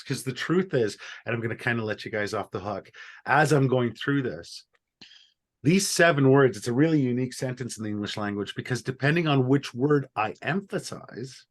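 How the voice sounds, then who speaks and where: Man leading an online workshop. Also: medium pitch. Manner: explanatory, stresses single words in a repeated sentence. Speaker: workshop facilitator.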